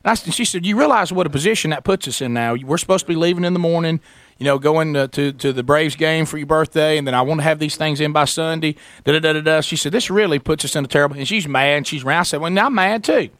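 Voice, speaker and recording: Bright-voiced radio host spinning a yarn. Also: male voice, on the high side, quick pace, no room sound. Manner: animated, acts out quoted voices, sarcastic. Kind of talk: casual storytelling on talk radio. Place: radio studio.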